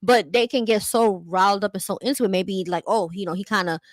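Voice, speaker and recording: A woman's voice: medium pitch, a little fast, dry recording. A young woman giving a candid, emphatic livestream monologue, full of "like" and "you know" fillers. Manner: candid, emphatic, acts out quotes in other voices. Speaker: vlogger.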